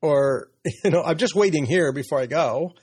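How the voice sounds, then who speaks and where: A man in his sixties, a podcast host, talking candidly and emotionally about his life in a personal conversation, with soft laughs. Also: fairly high pitch, normal speed, husky, dry recording, clean studio sound. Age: 60s.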